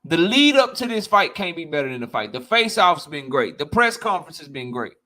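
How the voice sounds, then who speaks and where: Bright-voiced, animated male boxing vlogger. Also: fairly high pitch, a little fast. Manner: animated, blunt, profane, heavy slang. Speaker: boxing YouTube host. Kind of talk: casual commentary, answering live chat.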